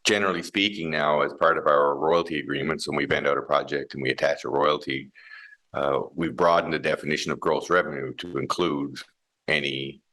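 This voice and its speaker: A man's voice: a bass voice, fairly even intonation, a little fast, bright, forceful tone. A man who heads a mining company, explaining his ideas in a thoughtful interview with many restarts and fillers. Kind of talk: conversational interview.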